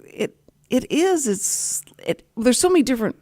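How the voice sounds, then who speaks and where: An older woman with a drawl chats on her radio show, laughing easily as she tells stories. Her voice swings widely in pitch, animated and expressive. The studio sound is dry and close-miked. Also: normal speed, no echo. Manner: chatty, laughs often, animated storytelling. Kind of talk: casual chat.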